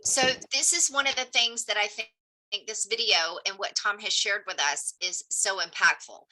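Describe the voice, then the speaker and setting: A woman's voice: mid-range voice, moderate pace, sharp tone, rough recording. A female real estate agent speaking earnestly and emphatically during a casual group video call.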